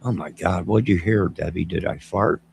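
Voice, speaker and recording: Gravelly low-voiced man rambling. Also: moderate pace, darkish tone, a little hiss or hum. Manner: mocking, wandering, talks to an unseen listener. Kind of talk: rambling monologue to camera.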